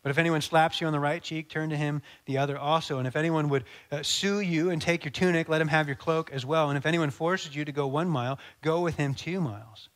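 A male pastor preaching a sermon, animated and conversational, acting out little scenes. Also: on the high side, a little fast, few pauses. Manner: animated, acts out dialogue, conversational asides.

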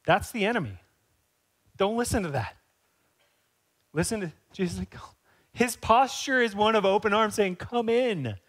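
Man, pastor, sermon, high-pitched voice, conversational, animated emphasis. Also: moderate pace, long pauses.

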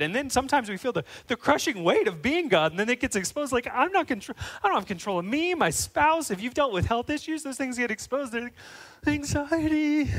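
A man's voice: very high voice, fairly bright tone, poor audio. A man preaching a sermon as a pastor, earnest and building into fervent, emphatic questions.

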